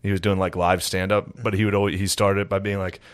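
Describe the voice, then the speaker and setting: A man's voice: sits low, little pitch movement, fast talker, clear, resonant tone, dry recording, studio quality. A man, co-hosting a comedy podcast in loose, crude, joking chat. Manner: loose, crude, joking, slips into mock accents. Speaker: podcast co-host.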